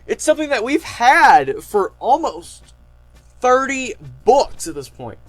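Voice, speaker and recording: A man casually recapping an anime arc as a reviewer, rambling with lots of "like" and "um" and gushing with fan excitement. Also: very high-pitched, slow pace, no echo, faint music behind. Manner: rambling, heavy on fillers and "like". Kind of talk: casual retrospective chat.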